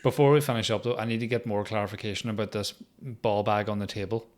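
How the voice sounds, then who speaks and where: A man's voice: lowish voice, steady tone, quick pace. A young man hosting a podcast, telling crude, joking stories in casual chat. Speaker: podcast host.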